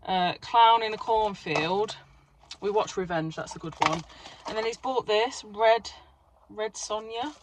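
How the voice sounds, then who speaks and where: A woman's voice: fairly low pitch, a bit bright, a little hiss or hum. A young woman, out of breath and chatting to camera in a rambling, casual way, swearing now and then and correcting herself. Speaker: vlogger.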